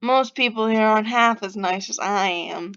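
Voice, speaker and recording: A woman's voice: moderate pace, fairly bright tone, highs cut off, natural voice. A woman voicing a rude, pushy young man from Boston in a game, with a nasal, strained voice and a put-on Boston accent. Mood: condescending. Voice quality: nasal, lilting, forced deeper and strangled. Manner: brash, confrontational, talkative.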